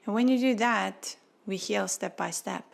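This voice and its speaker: Earnest woman with a gravelly edge. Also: mid-range voice, unhurried. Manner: earnest, heartfelt, non-native phrasing. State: tearful, near crying. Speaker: podcast host. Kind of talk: spiritual podcast monologue.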